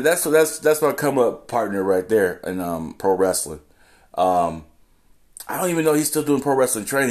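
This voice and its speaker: A man hosting a casual solo podcast into a phone, rambling and swearing as he talks, interrupting himself often. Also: mid-range voice. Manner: profane, rambling, self-interrupting. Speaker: podcast host. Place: room at home.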